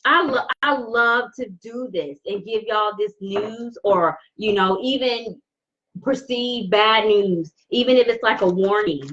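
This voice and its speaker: A woman's voice: medium pitch, a little slow, fairly bright tone, lo-fi sound. A woman giving a live-streamed tarot reading, effusive and repeating phrases for emphasis. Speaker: tarot reader.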